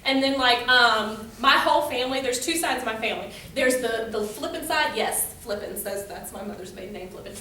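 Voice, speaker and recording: Bright young woman in an echoey hall. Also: on the high side, brisk, few pauses, slight background noise. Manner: chatty, filler-heavy storytelling. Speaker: youth speaker. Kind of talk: casual devotional talk. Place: room with a youth audience. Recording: very echoey room from far off.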